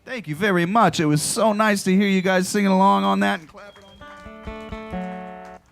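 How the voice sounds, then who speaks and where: Laid-back singer chatting on stage. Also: male voice, sits high, normal speed, vocal fry, a bit bright. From United States. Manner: dry, self-deprecating storyteller. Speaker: singer-songwriter performing live. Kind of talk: casual stage banter between songs. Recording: live performance with guitar behind. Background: guitar music.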